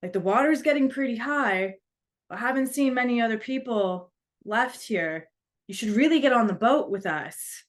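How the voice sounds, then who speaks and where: Friendly, urgent neighbor, played by a woman, pitched up, insistent. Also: lively intonation, moderate pace, lightly acted. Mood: coaxing. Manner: coaxing, urgent. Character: friendly neighbors urging someone onto a boat.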